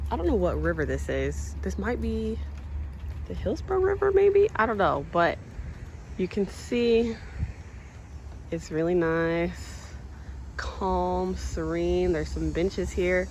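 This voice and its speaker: A woman's voice: lowish voice, expressive, slow pace, long pauses, darkish tone, a little hiss or hum. A woman vlogging while walking a nature trail outdoors, talking nervously and directly to her viewers about being scared, filmed on a handheld phone. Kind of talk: casual vlog talk to camera.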